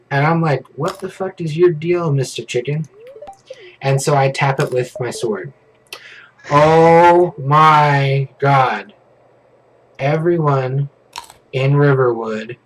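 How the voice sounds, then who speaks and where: Animated male streamer telling stories. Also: medium pitch, a little hiss or hum, rough recording. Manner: animated, vivid retelling with casual swearing. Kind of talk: casual storytelling chat.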